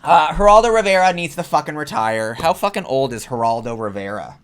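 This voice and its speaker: A man's voice: fairly high pitch, animated, brisk, few pauses, fairly bright tone, smooth. A man hosting a vlog, delivering a heated, profane reaction rant. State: sweaty after ranting. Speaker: political commentary vlogger.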